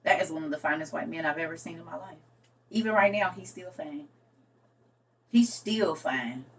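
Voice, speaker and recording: A woman chatting casually with her viewers, sassy and drawn-out, tossing in honey and baby. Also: low voice, gravelly, fairly bright tone, recorded from a distance. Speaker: streamer.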